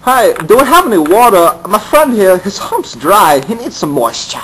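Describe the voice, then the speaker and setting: A cheeky storybook squirrel with a high, swooping voice, as a man reads him out. He talks in a bouncy, offhand way, sly and a little crude. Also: sing-song, moderate pace, a bit bright, a little hiss or hum, rough recording. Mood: cheery. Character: chatty male squirrel, cheerful and crude. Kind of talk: storybook reading for kids.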